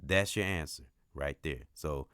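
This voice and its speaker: A man's voice: extremely low pitch, a little slow, fairly bright tone, clean tone, no echo, studio quality. A middle-aged man hosting a podcast, giving an earnest, rambling motivational monologue that keeps returning to "you know" and "brothers and sisters". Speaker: podcast host. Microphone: off-mic at the start.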